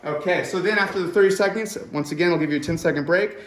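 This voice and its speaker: A man leading a home workout as a fitness instructor, encouraging and quick with short praise, recorded indoors at home. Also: high-pitched, slight background noise. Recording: echoey room, far from the mic.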